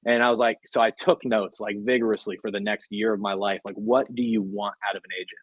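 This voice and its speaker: A man's voice: lowish voice, level tone, fast, hardly any pauses, a bit bright, no echo, poor audio. A man, a podcast guest, telling his career story in casual, rambling talk full of fillers. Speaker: podcast guest, sports agent. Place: podcast studio.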